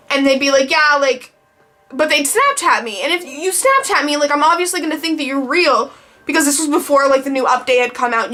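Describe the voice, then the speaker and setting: Young woman, high voice, bright tone, rambling storytime vlog, lots of "like". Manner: rambling, heavy use of "like". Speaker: vlogger.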